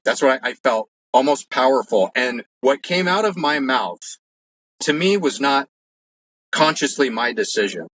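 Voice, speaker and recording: A man's voice: medium pitch, a bit bright, rough recording. A man telling his own story as an interview guest, earnest and rambling, with lots of "like" and restarts. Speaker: guest recounting personal experiences. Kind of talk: casual storytelling.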